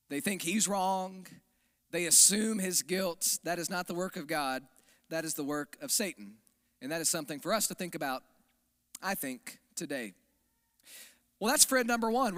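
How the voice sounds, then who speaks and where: Bright-voiced preacher in a reverberant hall. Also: male voice, high-pitched, animated, moderate pace, pauses often. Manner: conversational, emphatic, asks the audience for agreement. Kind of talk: sermon. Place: church sanctuary.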